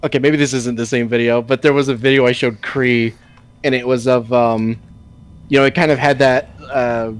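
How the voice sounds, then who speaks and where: A man's voice: mid-range voice, fairly even intonation, normal speed, smooth. A man chatting on a game stream, telling stories animatedly and laughing as he retells them. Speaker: stream co-host. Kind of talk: casual gaming chat.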